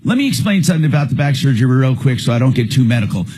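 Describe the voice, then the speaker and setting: An older man hosting a live radio call-in show, talking plainly and briskly, explaining things in quick asides. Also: medium pitch, big pitch swings, darkish tone. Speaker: radio consumer-advice host. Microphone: studio microphone.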